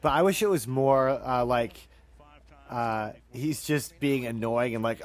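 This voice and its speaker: A man's voice: mid-range voice, measured pace. Rambling man on a podcast. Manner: rambling, filler-heavy, enthusiastic. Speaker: podcast co-host. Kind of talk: casual chat.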